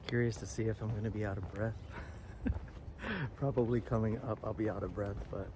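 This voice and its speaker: A man's voice: fairly low pitch, lively intonation, normal speed. A man chatting casually as he walks outdoors with a handheld camera, rambling with fillers. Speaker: vlogger and English teacher. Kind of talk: casual walk-and-talk vlog. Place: outdoors walking on a street. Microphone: handheld camera while walking. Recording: outdoor street noise. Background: street ambience and passing vehicles.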